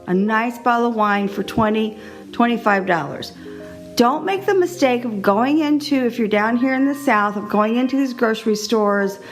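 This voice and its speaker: A middle-aged woman hosting her own podcast, talking in a chatty, animated way and laughing often. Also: on the high side. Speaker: podcast host. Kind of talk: casual solo podcast monologue.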